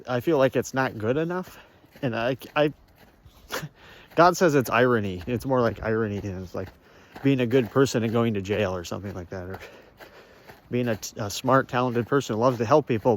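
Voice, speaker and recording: A man's voice: mid-range voice, slight background noise. Rambling man vlogging on a walk. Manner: halting, rambling, laughs between phrases. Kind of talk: casual walking monologue. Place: outdoors on a wooded path.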